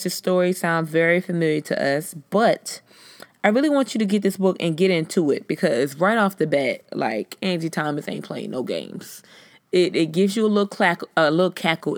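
Her voice sits lowish, and the recording has no room sound. Slightly slurring and tipsy, this woman hosts a casual podcast where she delivers blunt, profane, animated rants.

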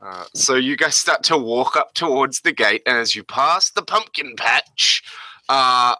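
Slow, bright-voiced man game master. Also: medium pitch, animated, dry recording, poor audio. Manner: hesitant, many fillers. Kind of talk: narrating a tabletop game.

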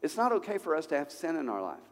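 A male pastor preaching a sermon at a church service, conversational and animated, full of rhetorical questions. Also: on the high side, fast talker. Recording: long hall reverb.

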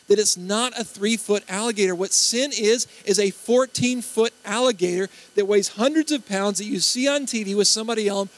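High-voiced preacher telling stories. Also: male voice, poor audio. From Baton Rouge, Louisiana. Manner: animated storytelling, acts out quotes. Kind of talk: sermon.

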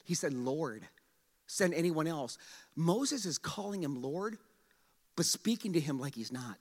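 A man pastor preaching a sermon in a church, animated, repeating words and acting out quotes. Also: on the high side, moderate pace, slightly rough. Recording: long reverb of a large hall.

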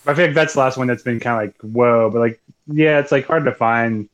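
A man's voice: medium pitch, quick pace, highs cut off. A man co-hosting a podcast, chatting loosely about a film and laughing often. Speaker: podcast co-host. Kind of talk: casual film discussion.

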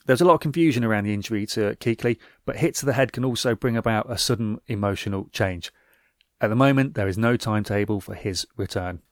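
A man's voice: mid-range voice, no echo. A man hosting a podcast, reading a scripted football recap with wry, dry asides. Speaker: podcast host.

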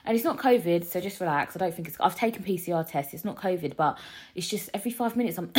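A woman's voice: lowish voice, animated, fast, darkish tone, breathy edge. A young woman hosting her own podcast from a living room, rambling casually with many restarts and a lingering cough. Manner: chatty, rambling, self-deprecating, lots of fillers and restarts. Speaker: podcast host. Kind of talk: casual solo podcast chat.

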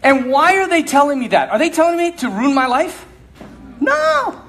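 Male preacher, high and very lively voice, comic storytelling sermon, laughs mid-line. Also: normal speed. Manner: animated, laughs through his story.

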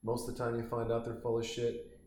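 A man's voice: medium pitch, completely flat delivery, brisk, a little mellow, echoey room, slight background noise. A man giving casual, rambling commentary while watching a movie at home, swearing now and then. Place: home, lying on a couch.

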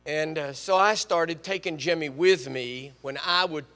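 An older man preaching in a church sanctuary, telling stories and teasing his congregation. His voice is bright and sits a bit high for a man. A long reverb trails after each phrase. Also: a little slow. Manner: storytelling, animated, jokes with the congregation. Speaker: guest preacher. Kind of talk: sermon.

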